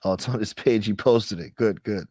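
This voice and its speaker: A man's voice: fairly low pitch, normal speed, darkish tone, husky, dry recording. A man hosting a casual late-night livestream chat, rambling and swearing as he reads and answers viewer comments. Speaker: livestream host.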